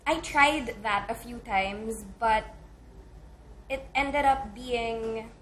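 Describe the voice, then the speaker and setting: A woman's voice: fairly high pitch, very slow, slight background noise. A woman, a confessional poet, speaking about her work and performing a spoken word poem with rising intensity. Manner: confessional, intense, builds from hushed to forceful. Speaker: guest poet.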